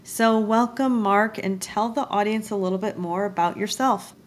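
A woman's voice: medium pitch, steady tone, normal speed. A woman hosting a podcast, chatting and asking her guest questions in a friendly, conversational way. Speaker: podcast host. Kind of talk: casual interview chat.

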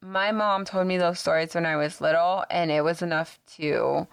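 Co-hosting a podcast, a San Antonio, Texas woman tells a ghost story in casual, rambling chat full of fillers and swearing. Her low, creaky, smooth voice holds a steady tone at a moderate pace with no echo.

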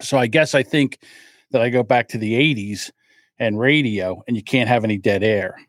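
A man's voice: mid-range voice, moderate pace, no echo. An older man talks on his own livestream, wandering from thought to thought and poking fun at himself while admitting his nerves. His voice sits in an ordinary middle range. The sound is dry and close, with no room behind it. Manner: rambling, self-deprecating, openly nervous. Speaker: podcast host. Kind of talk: solo livestream chat.

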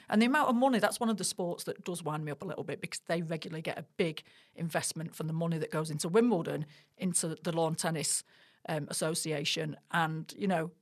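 Chatty Mancunian woman in her forties. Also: fairly low pitch. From Manchester, England. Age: 40s. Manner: chatty, animated storyteller with self-deprecating humour. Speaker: podcast guest. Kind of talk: casual interview chat.

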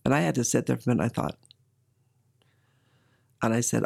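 A woman's voice: extremely low pitch, brisk, creaky, long pauses, a little mellow, slightly rough. A middle-aged woman candidly telling a personal story in an interview, with emotion and occasional laughter.

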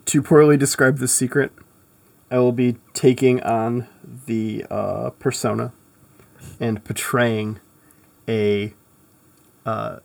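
A man's voice: mid-range voice, little pitch movement, slow pace, vocal fry, pauses often. Rambling man on a casual podcast. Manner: rambling, self-deprecating. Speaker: podcast co-host. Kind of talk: casual comedic banter.

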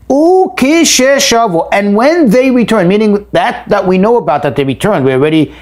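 Male teacher with a higher voice who works through a text phrase by phrase and repeats words as he thinks. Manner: reads a phrase aloud, then explains it in plain words; repeats words while thinking, lively rises for emphasis. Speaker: Torah teacher. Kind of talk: line-by-line text study lesson.

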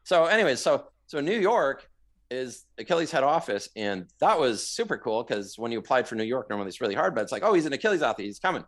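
A middle-aged Canadian man tells his running stories in an interview, with a gravelly, rough-edged voice. He gets animated and shouts out the lines he quotes. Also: mid-range voice, brisk. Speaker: guest, marathon runner. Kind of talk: storytelling in a podcast interview.

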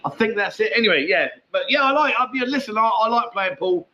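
Male streamer, chatty and matey, high tense voice. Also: animated, brisk, sharp tone, highs cut off, slight background noise. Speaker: livestream host. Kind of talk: casual live chat reading viewer comments.

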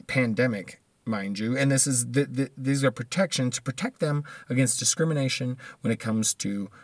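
A man's voice: mid-range voice, no room sound. A man, ranting casually and profanely in a monologue, laughing often between points.

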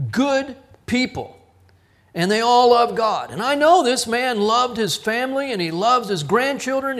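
A middle-aged man leads a Bible study in a somewhat high voice. He teaches through personal stories, raising his voice to act out the people he quotes and chuckling at himself along the way. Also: a bit bright. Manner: storytelling, quotes others in raised voice, chuckles at himself. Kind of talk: sermon.

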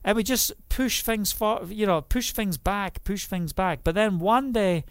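A man's voice: sits high, a little slow, smooth, no room sound, studio quality. A middle-aged man from the UK preaching a livestreamed sermon as a minister, talking conversationally and often saying "you know" and "hallelujah".

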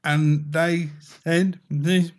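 A man hosting a podcast, telling lively anecdotes in a broad, casual way. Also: a little high, drawn-out words. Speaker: podcast host. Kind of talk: casual chat.

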